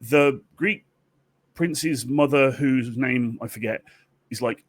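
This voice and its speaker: A man's voice: mid-range voice, a little fast, husky, dry recording. A man, tipsy from drinks, telling a myth comically in a rambling, profane way with many restarts. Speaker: storyteller.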